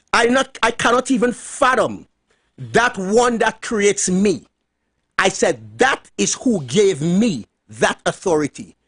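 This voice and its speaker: A man with a high-pitched voice talks on his radio show, recounting a phone call with animated storytelling. He drives points home by repeating words. The sound is dry and close on a studio mic. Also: husky, no room sound. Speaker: radio talk show host.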